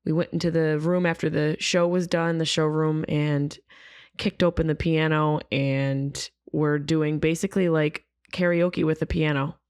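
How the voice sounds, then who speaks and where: A woman opens her podcast in a worn, hoarse voice that sits somewhat low. She talks in a loose, rambling, self-deprecating way. The sound is dry and close. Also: flat delivery, measured pace, darkish tone, no room sound. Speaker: podcast host. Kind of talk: casual podcast intro.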